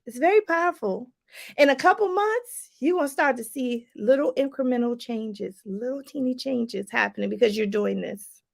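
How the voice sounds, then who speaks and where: Animated high-voiced woman life coach. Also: normal speed, creaky. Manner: animated, preachy, addresses viewers as y'all. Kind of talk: motivational livestream talk.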